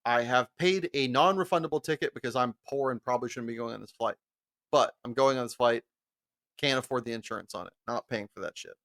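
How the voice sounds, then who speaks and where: A man's voice: mid-range voice, quick pace, creaky. Foul-mouthed young man telling a story. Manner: profane, animated, laughing storyteller. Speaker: podcast co-host. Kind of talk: casual storytelling chat.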